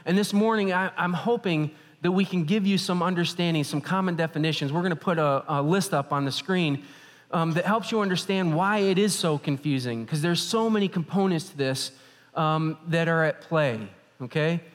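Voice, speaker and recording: A man preaching from the stage of a church auditorium, his voice sitting on the higher side for a man. He tells stories with animated energy. A long reverb from the hall trails behind his words. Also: normal speed. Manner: animated storytelling. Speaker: pastor. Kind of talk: sermon.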